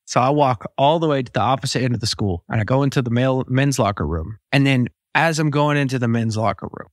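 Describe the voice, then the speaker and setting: A man hosting a podcast, telling a story in a casual, profane, animated way and acting out the voices of the people in it. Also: mid-range voice, fast talker, few pauses, dry recording, clean studio sound. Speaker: podcast host.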